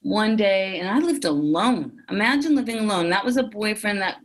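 A woman's voice: medium pitch, animated, moderate pace. A woman in her fifties, an interview guest telling her own story candidly and emphatically, with many fillers and repeated phrases. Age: 50s.

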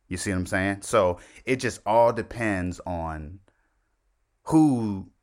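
Middle-aged guy, real low voice, just rambling along on his own show, catching himself and going off on tangents. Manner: rambling, conversational, with asides and self-corrections. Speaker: podcast host. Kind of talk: casual solo commentary.

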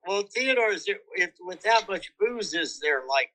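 A man with a bright, fairly high voice chimes in eagerly, quick to affirm and add his own anecdotes. He speaks casually as a father joining the chat. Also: expressive, poor audio. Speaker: father of the host.

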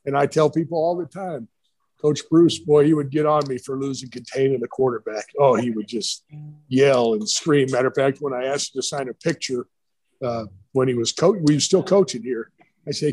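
Husky middle-aged man telling coaching stories. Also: fairly high pitch, moderate pace, a little mellow, poor audio. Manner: rambling, anecdotal, quoting others in voices. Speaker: retired college football coach and staffer. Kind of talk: casual storytelling interview. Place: brewery.

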